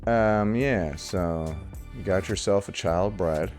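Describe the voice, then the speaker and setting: A man's voice: low-pitched, slow, darkish tone, faint music behind. A man hosting a reaction video, giving casual, sarcastic, mocking commentary on a clip.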